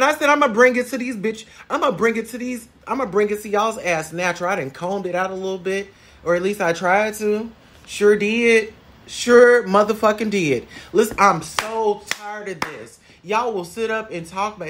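Sassy woman ranting on a livestream. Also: medium pitch. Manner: sassy, drawn-out, swinging between loud and muttered. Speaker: livestream host. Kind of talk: casual livestream chat reading comments. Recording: faint background noise.

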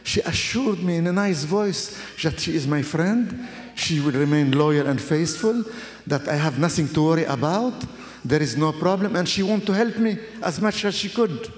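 Pastor guy telling his story, kinda high voice, lots of repeating, big echoey room. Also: normal speed. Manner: emphatic storytelling with repeated phrases. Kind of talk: dramatic preaching testimony. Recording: echoey hall.

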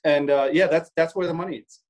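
A man's voice: a little high, fairly even intonation, a little fast, a little mellow, muffled recording. A man co-hosting a casual discussion, thinking aloud with many restarts and acting out imagined quotes. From Germany. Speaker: co-host.

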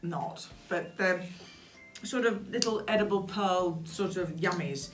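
A woman's voice: on the low side, animated, takes it slowly. A woman hosting a children's craft show in a playful, sing-song way, chatting with a puppet as she works. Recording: roomy echo with faint music.

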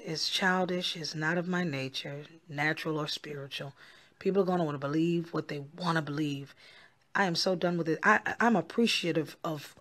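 A woman's voice: low voice, a bit bright. A woman pastor speaking straight to her followers in a video, emphatic and pleading, and she often repeats herself. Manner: emphatic, pleading, repetitive, calls listeners "y'all" and "honey". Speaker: pastor and gospel singer. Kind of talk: direct-to-camera social media address.

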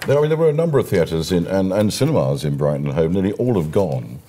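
A man's voice: deep voice, lively intonation, fast, warm tone. A man presenting a TV newspaper review, chatting and throwing in asides. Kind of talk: studio discussion.

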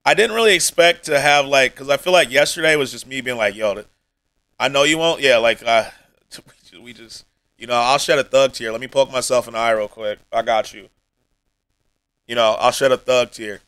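A man's voice: mid-range voice, steady tone, moderate pace, a bit bright, clear, resonant tone, no room sound, low-quality recording. Heartfelt rambling male streamer, dry sound. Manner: rambling, heartfelt, drops to near mumbles. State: emotional, close to tears. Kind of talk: emotional livestream chat. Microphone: streaming mic.

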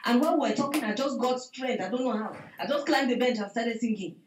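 Woman testifier, fairly high, roomy call audio, tells it vividly. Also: quick pace, a little hiss or hum. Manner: animated storytelling, acts out dialogue, repeats "I said". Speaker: church member giving testimony. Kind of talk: spoken testimony to a prayer meeting. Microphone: video call.

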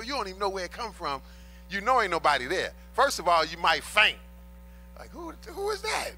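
With a high, bright, forceful voice, this man delivers an emphatic sermon in everyday language. The pastor drives his main points home by repeating them and speaks to the congregation as brothers and sisters.

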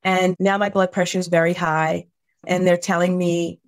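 A middle-aged woman, a podcast guest, telling a painful personal story in an earnest, heartfelt way, halting at the hardest moments. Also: fairly low pitch, little pitch movement, no room sound.

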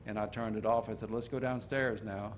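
An older man preaching a sermon in a folksy storytelling manner, slowing down to stress key points. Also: lowish voice, steady tone, slight background noise.

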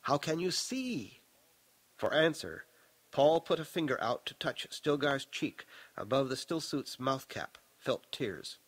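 A man narrating his own novel in a measured, dramatic audiobook reading. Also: mid-range voice, lively intonation, husky, dry recording, rough recording.

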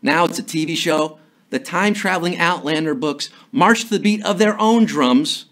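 A man's voice: a little high, moderate pace, a bit bright. A man hosting a live trivia game show, with jokey, hyped-up patter.

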